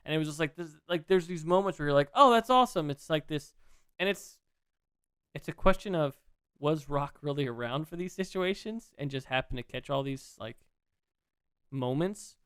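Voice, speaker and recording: A man chatting casually on a podcast, rambling excitedly and swearing freely as he retells what he watched. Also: fairly high pitch, moderate pace, smooth, dry recording. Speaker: podcast co-host. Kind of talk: casual chat.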